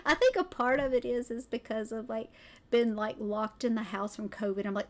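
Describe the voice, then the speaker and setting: Woman, Southern accent, excitable, rambling, slightly high voice. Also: moderate pace. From Tennessee. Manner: excitable, rambling, goes off on tangents. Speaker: streamer. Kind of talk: casual chat.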